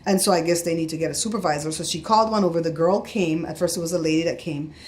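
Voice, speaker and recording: A woman's voice: deep voice, fast, a little hiss or hum. A middle-aged woman vlogging casually, telling a story with heat and acting out the voices of the people in it. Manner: animated, acts out quoted voices, gets heated.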